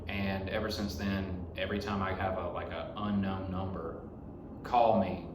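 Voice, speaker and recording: A man's voice: low-pitched, little pitch movement, normal speed, background noise. A young man hosting a podcast in his garage, rambling through a profane story in a casual monologue. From Alabama. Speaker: podcast host. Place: home garage. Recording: echoey garage.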